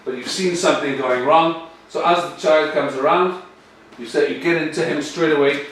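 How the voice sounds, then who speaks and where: A rugby coach, a man, giving a lively workshop talk to other coaches. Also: on the high side, moderate pace. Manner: lively, animated, addresses audience directly. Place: workshop room. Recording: echoey room from far off, faint noise.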